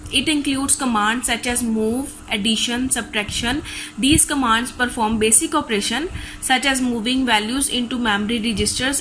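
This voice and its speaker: A woman's voice: fairly high pitch, fairly bright tone, a little hiss or hum, rough recording. A woman teacher with a Pakistani accent, reading a recorded class lecture steadily from textbook notes.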